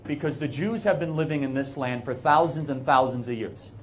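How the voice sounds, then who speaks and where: A man's voice: mid-range voice, brisk, slight background noise. An American man speaking as a guest speaker to a live audience, earnest and emphatic, with frequent fillers and restarts.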